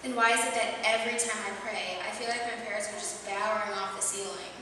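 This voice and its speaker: A woman's voice: mid-range voice, fairly even intonation, quick pace, sharp tone, lightly acted. A tearful teenage girl , played by a woman, rambles through her complaints and keeps asking why. She is heard from a distance in a long, echoing church hall. Noise can be heard behind her. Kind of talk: church youth skit. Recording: echoey church hall, distant mic, noisy.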